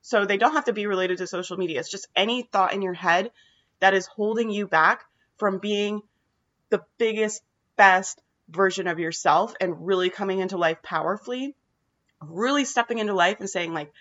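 A woman's voice: mid-range voice, moderate pace, a bit bright, highs cut off. A woman giving an emphatic motivational monologue to her viewers, swearing casually and asking "right?" often. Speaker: mental health vlogger.

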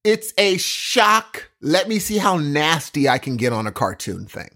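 A man's voice: a little high, measured pace. A man co-hosting a podcast in casual chat, rambling and acting out quotes as he talks. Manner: animated, rambling, acts out quotes. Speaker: podcast co-host.

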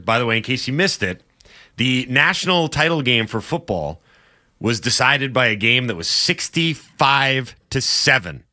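Sports talk co-host, man, bright forceful tone, argumentative and emphatic. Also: medium pitch.

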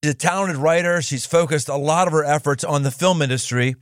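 A man's voice: fairly high pitch, brisk, no echo, studio quality. An American man hosting a podcast interview, exuberant and jokey, with a lot of emphasis. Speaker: podcast host. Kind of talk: casual interview.

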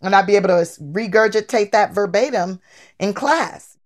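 A woman guest telling stories from her life in a casual, lively way, acting out the people she quotes. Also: medium pitch, normal speed. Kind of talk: casual storytelling.

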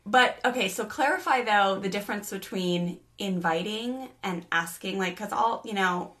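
A woman's voice: medium pitch, normal speed, fairly bright tone. A woman co-hosting and asking questions in a chatty way, full of fillers. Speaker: co-host and coach. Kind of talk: podcast interview questions.

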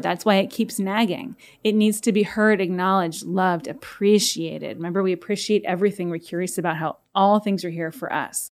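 Woman coaching on her self-help podcast, upbeat and playful, middle pitch. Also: moderate pace, a little mellow. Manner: upbeat, playful, acts out inner voices. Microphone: podcast microphone.

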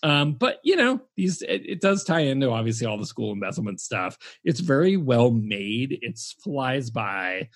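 Male podcast co-host, animated and chatty, husky, dry close mic. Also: mid-range voice, normal speed, few pauses, no echo. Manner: animated, chatty, laughs easily. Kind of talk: casual chat, film review.

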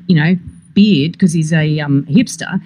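A woman's voice: deep voice, measured pace, warm tone. An Australian woman co-hosting a podcast in casual chat, rambling through anecdotes and laughing often. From Sydney, Australia. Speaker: podcast co-host.

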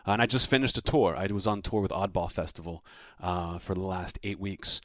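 A man with a lowish voice tells a story at a quick clip. He is a comedian guest in a casual chat and acts out other people's lines as he goes. The sound is close and dry. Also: dry recording. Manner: animated anecdote teller, acts out quotes.

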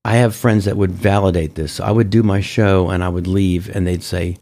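A middle-aged man, a comedian guest in an interview, telling stories in an animated way with many restarts. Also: sits low, normal speed. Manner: animated, acts out quoted voices, many restarts. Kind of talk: casual storytelling interview.

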